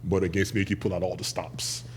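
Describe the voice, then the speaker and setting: A man from Nigeria, a podcast guest telling stories in a lively, animated way and acting out what people said. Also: sits low, a little fast, a little hiss or hum. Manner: lively, animated storyteller acting out quoted voices. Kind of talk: casual interview storytelling.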